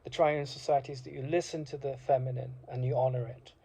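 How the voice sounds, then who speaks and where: A man's voice: medium pitch, steady tone, fast talker, vocal fry, mellow, slightly rough. A man delivering an impassioned, rambling monologue with many fillers and restarts. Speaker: speaker. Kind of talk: reflective monologue. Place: university degree course alumnus, speaking informally.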